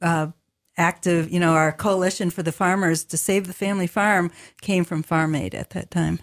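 A woman's voice: lowish voice, fairly even intonation, moderate pace. A woman hosting a radio show in the studio, chatting with her guest and encouraging him to go on. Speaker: radio host. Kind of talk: casual radio interview.

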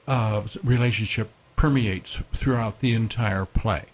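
A man directing a play, speaking in a measured, hesitant way in a radio interview. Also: lowish voice, gravelly, slightly rough. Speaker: theater director.

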